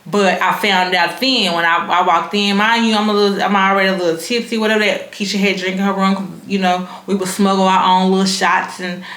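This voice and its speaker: A woman's voice: mid-range voice, little pitch movement, brisk, hardly any pauses, a bit bright. A young woman, telling a story to her vlog audience in a frank, slangy, casually profane way. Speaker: vlogger. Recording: roomy echo.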